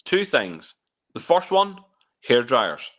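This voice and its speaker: A man trades jokes in a relaxed conversation. He is blunt and a bit sweary, with a mid-pitched voice. He talks like someone sharing a drink with a friend. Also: takes it slowly. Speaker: podcast co-host. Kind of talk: casual chat.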